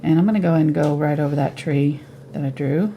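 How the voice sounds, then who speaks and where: A woman giving a live painting tutorial at home, relaxed and thinking aloud as she paints. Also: sits low, brisk, lo-fi sound, slight background noise. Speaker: painting instructor.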